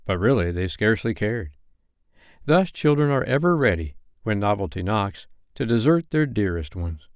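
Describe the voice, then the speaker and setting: Male bedtime-story reader, low and animated, dry close sound. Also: normal speed, no room sound. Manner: expressive, animated reading.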